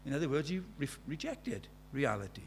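A middle-aged Welsh man preaching a sermon, moving between loud declarations and quiet, hushed asides. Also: medium pitch, wildly swooping pitch, fairly quick, a little hiss or hum. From Wales.

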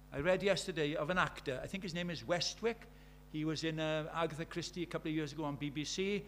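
A man's voice: high-pitched, a little hiss or hum. A middle-aged man from Britain preaching a sermon, telling stories with acted-out dialogue and firing rhetorical questions.

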